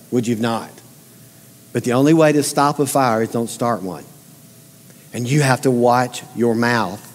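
A man's voice: mid-range voice, a little mellow. A man preaching a sermon as pastor, folksy and emphatic, asking the congregation direct questions. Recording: long hall reverb.

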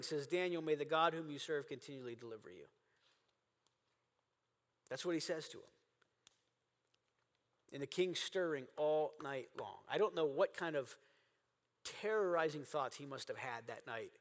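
A man's voice: mid-range voice, normal speed, a bit bright, long reverb tail. A man preaching a sermon as pastor, earnest and emphatic, repeating phrases for stress. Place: church sanctuary.

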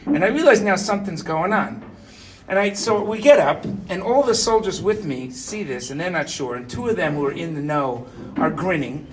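High-voiced fifty-year-old man telling a story. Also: lively intonation, moderate pace, distant mic, a little hiss or hum. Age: 50s. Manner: chatty, keeps asking "right?". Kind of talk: personal anecdote told to listeners.

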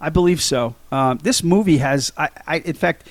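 Guy with a gravelly voice, pretty high, rambling podcast chat, dry sound. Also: moderate pace, no echo. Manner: rambling, many ums and restarts. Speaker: podcast co-host recapping a film. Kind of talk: casual chat.

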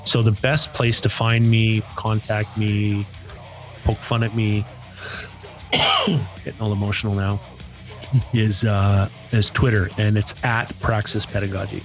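A man co-hosting a podcast in relaxed, casual chat, agreeing often. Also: fairly low pitch, measured pace, long pauses, music in the background. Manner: relaxed, agreeable, lots of "yeah" and "that's right". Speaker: podcast co-host.

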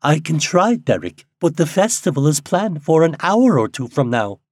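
A man reading an audiobook and voicing a gentle, frightened young woman from a primitive realm, speaking softly and pleadingly. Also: on the high side, very animated, normal speed, no room sound, studio quality, voice pushed up. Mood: earnest.

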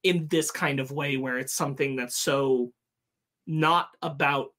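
A man's voice: mid-range voice, fairly even intonation, unhurried, a bit bright. A man co-hosting a podcast, talking earnestly and bluntly, thinking aloud with fillers and the odd curse word. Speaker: podcast co-host. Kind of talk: casual podcast chat.

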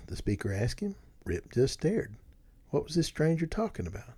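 A man narrating a storybook in an expressive, animated reading. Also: medium pitch, normal speed, creaky, slightly rough.

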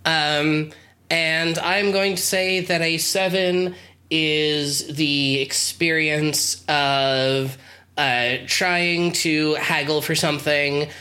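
Podcast cohost, drawls slowly, bright voice, dry jokes. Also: medium pitch, fairly even intonation. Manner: wry, unhurried, swears for emphasis. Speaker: podcast co-host. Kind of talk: casual chat.

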